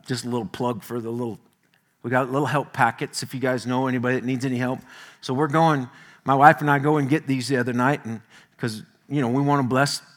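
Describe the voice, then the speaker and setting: A male pastor preaching a sermon, telling stories in a folksy, animated way with homely asides. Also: mid-range voice, brisk.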